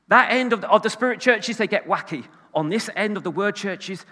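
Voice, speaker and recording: A man preaching a sermon, animated and emphatic, swinging between loud bursts and hushed asides. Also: high voice, fairly quick, few pauses, long reverb tail.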